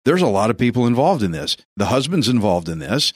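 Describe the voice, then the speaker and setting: A man's voice: mid-range voice, very animated, brisk, breathy edge, dry recording, clean studio sound. A man in casual Bible discussion, blunt and folksy.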